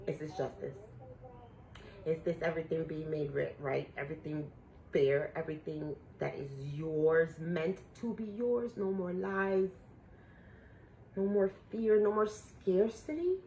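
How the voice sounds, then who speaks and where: A woman doing a casual spiritual tarot reading for her viewers, emotional and a little profane, swinging between excited outbursts and hushed awe. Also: lowish voice, slight background noise, poor audio. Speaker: tarot reader.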